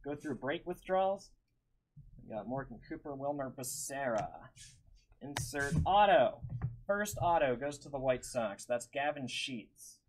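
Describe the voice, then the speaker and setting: A man's voice: mid-range voice, expressive, a little slow, a little hiss or hum, rough recording. A man hosting a live-streamed card break, calling out each card and chatting with viewers by name.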